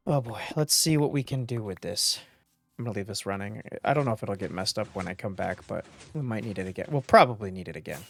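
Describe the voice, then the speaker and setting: A man hosting a gaming video, thinking aloud in casual commentary, self-mocking and quick to get excited. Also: mid-range voice, creaky. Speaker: gaming channel host.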